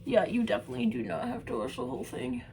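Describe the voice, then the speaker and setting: A young woman vlogging while she does special effects makeup, chatting casually and poking fun at herself, sometimes trailing off into soft mumbles. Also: fairly high pitch, big pitch swings, quick pace, vocal fry, slight background noise, poor audio. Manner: chatty, self-mocking, drifts into soft mumbles. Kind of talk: rambling casual chat while doing makeup.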